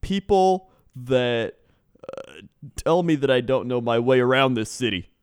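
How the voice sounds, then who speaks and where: A man's voice: mid-range voice, lively intonation, unhurried, clean tone, no echo, studio quality, lightly acted. A man voicing a brash middle-aged male rideshare driver with a put-on Canadian-tinged accent, ranting and boastful.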